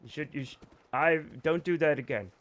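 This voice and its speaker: A man chats loosely with his live viewers while he plays a video game. His voice sits a little higher than most men's, and he rambles, jokes and swears without a second thought. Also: fairly quick, a bit bright. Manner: rambling, joking, swears freely. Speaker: streamer. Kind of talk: casual let's-play chat with viewers.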